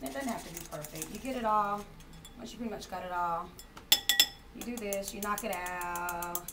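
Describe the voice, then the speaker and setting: A woman with an African American accent talks a group through a live tea demonstration, chatty and quick to laugh. She sounds a little off-mic, picked up from across the room. Dishes and cutlery clatter behind her. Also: medium pitch. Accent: African American Vernacular English. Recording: distant mic with room noise.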